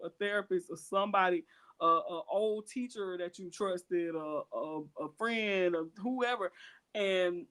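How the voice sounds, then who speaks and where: A man's voice: high voice, a bit bright. A man co-hosting a podcast, talking earnestly and casually, with frequent fillers and restarts and a habit of acting out what others say. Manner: acts out other people's quoted words. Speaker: podcast co-host.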